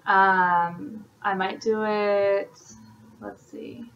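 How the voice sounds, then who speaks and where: A woman's voice: medium pitch, fairly even intonation, extremely slow, highs cut off, slight background noise. A woman, an independent sales consultant, giving her team a casual, encouraging update with lots of fillers. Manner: chatty, encouraging, many fillers.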